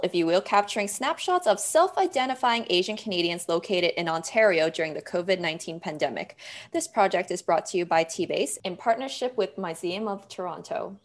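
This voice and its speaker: A woman co-hosting a podcast in casual chat, teasing with mock-formal quips. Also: fairly low pitch. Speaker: podcast co-host.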